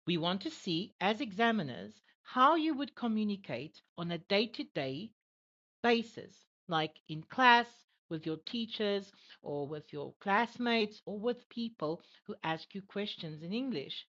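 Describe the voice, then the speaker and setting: A woman's voice: mid-range voice, animated, measured pace, a bit bright. A woman acting as an IELTS examiner and tutor in an online English lesson, encouraging and full of "all right" and "okay". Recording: dull lo-fi audio.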